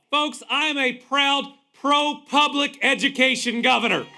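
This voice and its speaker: Emphatic governor shouting to an outdoor rally. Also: male voice, extremely high pitch, creaky, a little hiss or hum. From Kentucky. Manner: emphatic, chanting lists of proud declarations. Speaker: visiting governor, rally speaker. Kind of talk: rousing political rally speech.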